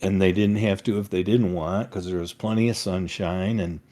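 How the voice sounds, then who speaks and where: A man's voice: low-pitched, fairly even intonation, normal speed, warm tone. An older man, a father co-hosting a family podcast, chatting casually in a rambling way with many fillers and restarts. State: recovering from a summer cold.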